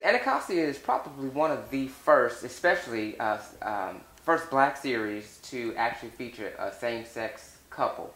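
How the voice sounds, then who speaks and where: Deep-voiced woman interviewer. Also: expressive, moderate pace, hardly any pauses, fairly bright tone, roomy sound. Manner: probing, conversational questions. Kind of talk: casual interview.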